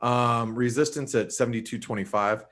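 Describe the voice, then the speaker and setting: A man's voice: medium pitch, fairly even intonation, normal speed, a bit bright. A man giving a casual live webinar on currency charts, chatty and full of restarts. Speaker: forex market analyst.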